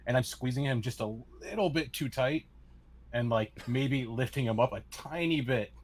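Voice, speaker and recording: A man's voice: mid-range voice, moderate pace. A man playing a tabletop game, talking casually and hesitantly with stammers. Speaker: player. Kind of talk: casual tabletop role-play.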